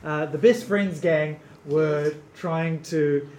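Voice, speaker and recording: A man's voice: on the high side, slow pace, a little mellow, echoey room. A man running a tabletop game on stage for a live audience, hesitant and full of fillers, amused. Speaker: game master.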